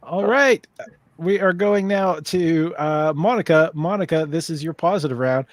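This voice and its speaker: A man's voice: a little high, moderate pace, dry recording. A man hosting a comedy game show stream, loose and chatty with lots of fillers and restarts.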